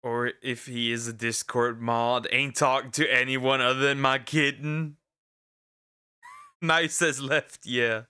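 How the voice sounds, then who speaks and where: A man reacting to a video with crude jokes and sudden loud outbursts. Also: medium pitch, flat delivery, unhurried, clear, resonant tone. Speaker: reaction streamer. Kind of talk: casual reaction commentary.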